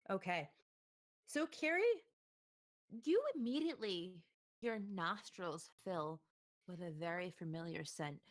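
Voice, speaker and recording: A woman narrating a tabletop role-playing game as game master, in a lively, expressive way. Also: lowish voice, slow, long pauses.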